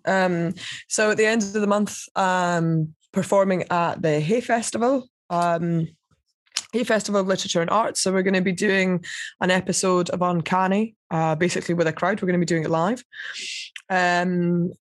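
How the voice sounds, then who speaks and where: A woman's voice: lowish voice, fairly even intonation, normal speed, dry recording, studio quality. Candid, swearing woman guest on a podcast. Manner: candid, swears freely, acts out quotes. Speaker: podcast guest, TV paranormal investigator. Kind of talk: casual chat.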